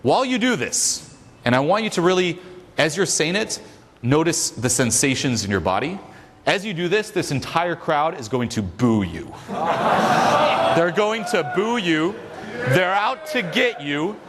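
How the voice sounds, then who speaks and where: Man, seminar leader, swears freely, fairly high voice, long echo of a big hall, crowd noise behind. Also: a little slow. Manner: profane, energetic, coaching a crowd. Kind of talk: live seminar talk. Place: large hall with a live audience.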